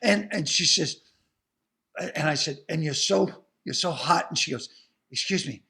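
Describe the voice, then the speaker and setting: A man's voice: fairly high pitch, normal speed, bright, forceful tone. An older man with a Boston accent, an actor and comedian telling profane, rambling stories with lots of restarts in an interview. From Boston area. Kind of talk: animated storytelling in an interview.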